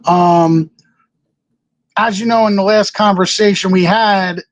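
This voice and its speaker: A man's voice: high-pitched, steady tone, a little slow, no echo, rough recording. A man, a wrestler guest on an interview show, telling a rambling story and acting out what others said. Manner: loose, rambling, laughs often.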